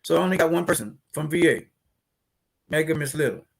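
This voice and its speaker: A man's voice: a little high, expressive, fairly quick, vocal fry. A man from New Orleans with a New Orleans accent, hosting a casual livestream and chatting directly with viewers before presenting steps. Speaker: host of a business credit livestream.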